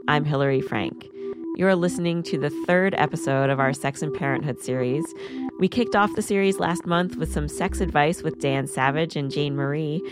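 A woman's voice: deep voice, moderate pace, music in the background. A woman hosting a podcast, narrating from a script in a chatty way with a few fillers. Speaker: podcast host.

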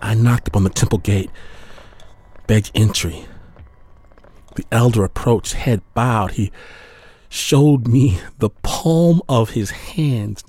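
A man narrating a dramatic story in a measured, grave voice with dramatic pauses. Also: on the low side, darkish tone, breathy edge, no echo.

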